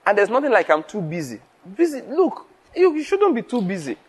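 A man's voice: extremely high pitch, sing-song, a little fast, breathy edge. A man preaching, chuckling and asking rhetorical questions. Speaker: pastor. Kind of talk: teaching sermon.

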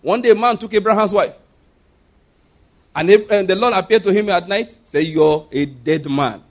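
Preacher guy, pretty high voice, animated, laughs a lot, does little voices. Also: normal speed. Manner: lively, laughing often, acts out quoted voices. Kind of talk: sermon.

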